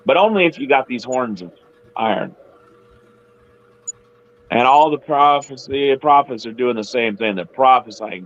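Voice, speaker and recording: A man's voice: medium pitch, animated, unhurried, pauses often, highs cut off. Man retelling scripture with acted quotes. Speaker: Bible study host. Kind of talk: casual Bible discussion.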